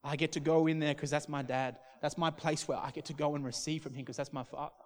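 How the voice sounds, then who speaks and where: A man's voice: fairly high pitch, steady tone, fast, a little mellow. A man, a pastor preaching a sermon through a personal story, restarting and repeating words as he talks.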